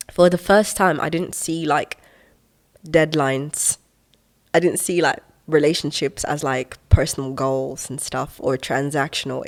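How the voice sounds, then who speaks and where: A young woman in her twenties, a podcast guest who talks in an expressive, animated way and laughs often while reflecting on her life. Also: low voice. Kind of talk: reflective conversational storytelling.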